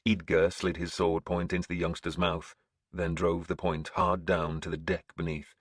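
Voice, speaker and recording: Male audiobook narrator, grim and measured, very dry studio sound. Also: low-pitched, flat delivery, slightly rough, no echo.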